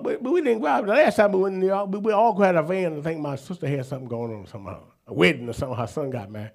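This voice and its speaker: A man, preaching a sermon and telling stories in an animated, folksy, emphatic way. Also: a little high, racing, vocal fry, hardly any pauses. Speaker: apostle preaching.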